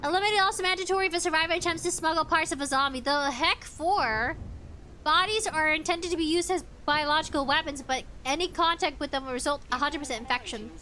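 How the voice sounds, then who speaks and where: A woman's voice: sits high, quick pace, pushed and bright. A woman live-streaming a game in casual chat, giggling as she reads chat messages and game text aloud. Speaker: VTuber streamer.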